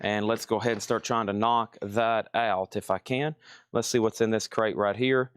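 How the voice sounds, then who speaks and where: A man running a live-stream record sale, calling prices and bids in brisk, chatty sales patter from an indoor shop. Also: on the low side, fairly even intonation, clean tone.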